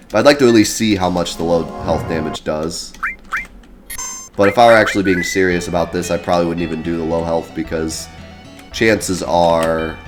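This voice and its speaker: A man streaming live gameplay commentary, a bit sick in the voice, who yells at the game when things go wrong. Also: deep voice. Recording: faint game music behind.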